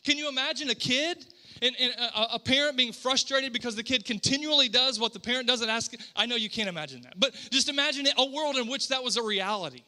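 A man giving a conversational sermon as pastor, casual and animated, often restarting his phrases. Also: extremely high pitch, brisk.

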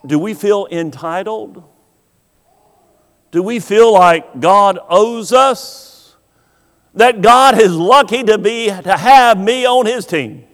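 A man preaching a sermon, slow and emphatic, acting out the voices he quotes. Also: high-pitched, fairly bright tone. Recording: long hall reverb.

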